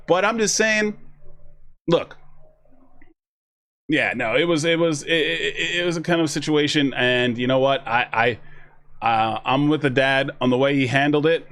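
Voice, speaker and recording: High-voiced man rambling through a reaction stream. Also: fairly bright tone. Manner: rambling, restarts often, acts out other people's lines. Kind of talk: casual live reaction commentary.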